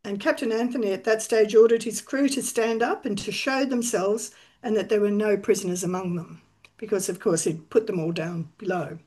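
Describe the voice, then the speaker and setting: A woman's voice: mid-range voice, moderate pace, a little mellow. A woman telling a historical sea story in conversation, now and then briefly voicing the people she quotes. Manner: recounts events, briefly voicing quoted figures. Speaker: storyteller guest.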